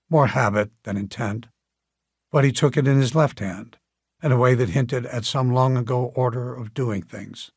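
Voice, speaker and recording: A man narrating an audiobook in a calm, measured storytelling manner. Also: medium pitch, breathy edge, no echo, clean studio sound. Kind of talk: scripted narration.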